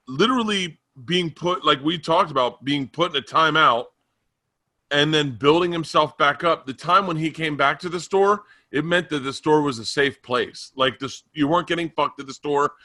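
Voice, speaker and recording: A man's voice: fairly high pitch, pushed and bright, dry recording, clean studio sound. A middle-aged man co-hosting a podcast, talking bluntly and profanely with stumbling restarts. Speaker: podcast co-host, comedian. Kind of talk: casual chat.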